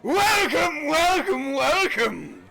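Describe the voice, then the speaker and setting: A man voicing a portly, bombastic male innkeeper who shouts his sales patter. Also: very high voice, very animated, drawn-out words, gravelly, voice pushed up, exaggerated voice. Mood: boisterous.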